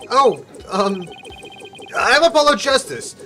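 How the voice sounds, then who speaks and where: A woman's voice: fairly high pitch, big pitch swings, takes it slowly, pushed and bright, exaggerated voice. A woman voicing a hesitant young male lawyer in a fan voice-over of a game, stammering and unsure. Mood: awkward.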